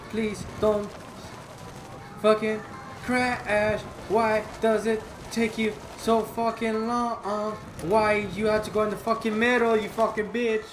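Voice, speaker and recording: A man giving gameplay commentary, frustrated and swearing constantly. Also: sits high. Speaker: gamer. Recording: roomy with loud background noise.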